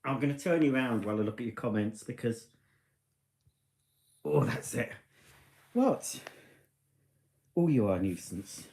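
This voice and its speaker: A man's voice: mid-range voice, animated, a little slow, vocal fry, pauses often, darkish tone. Tipsy man rambling on a live stream. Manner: rambling, chatty, self-mocking. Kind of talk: casual live-stream chat. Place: living room at home. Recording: echoey room.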